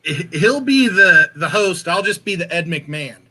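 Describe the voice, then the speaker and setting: Male co-host, high and bright voice, playful and chatty. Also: animated, measured pace. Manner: joking, laughs often, chatty. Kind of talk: casual livestream chat.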